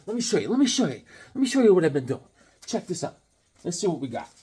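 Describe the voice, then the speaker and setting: A man's voice: high-pitched, big pitch swings, fast, warm tone, husky. A man hosting his own comic book channel, chatting in a jokey, rambling way. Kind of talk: casual chat.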